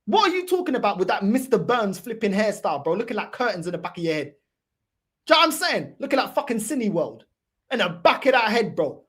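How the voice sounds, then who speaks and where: A woman's voice: fairly high pitch, husky. A woman hosting a football fan channel, delivering a heated, profane, mocking reaction rant. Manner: profane, mocking, repeats "bro".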